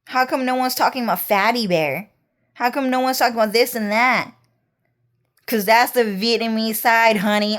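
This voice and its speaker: A woman talking in a rambling, repetitive monologue, casual and peppered with swearing. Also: mid-range voice. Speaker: vlogger.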